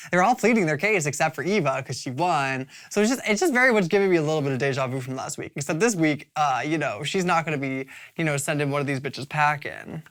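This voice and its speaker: Low-voiced woman chatting casually. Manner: chatty, swearing, frequent "like" and "you guys". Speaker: host of a drag show review. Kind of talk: casual video review.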